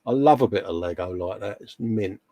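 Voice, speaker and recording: A man's voice: lowish voice, a little fast, warm tone, no room sound, highs cut off. A middle-aged English man co-hosting a casual live chat, jokey and full of friendly slang, calling everyone mate. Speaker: co-host.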